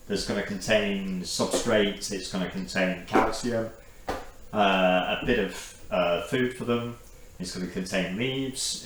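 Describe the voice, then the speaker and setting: A man's voice: fairly low pitch, a bit bright. A man talking casually as he unboxes and re-houses his isopods, rambling and poking fun at himself. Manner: chatty, self-deprecating, rambling. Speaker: isopod keeper. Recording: very echoey room with clear background noise.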